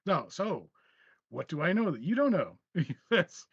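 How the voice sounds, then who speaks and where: A man running a tabletop game as its game master, theatrical and quick to laugh. His voice sits high and he narrates unhurriedly. The recording is dry and a bit dull. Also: big pitch swings, a bit bright, breathy edge, no room sound. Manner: theatrical, laughs often, frequent fillers.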